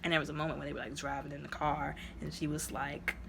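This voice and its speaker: A woman casually retelling a movie plot as a reviewer, in a chatty, rambling way full of "like" and "you know," her voice jumping up high when excited. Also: fast talker, gravelly, noisy background. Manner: sudden jumps up into high exclaiming tones.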